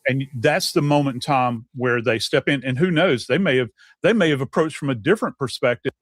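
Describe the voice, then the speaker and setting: A man giving guest analysis in a case discussion, speculating with halting, filler-heavy phrasing. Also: mid-range voice, no room sound.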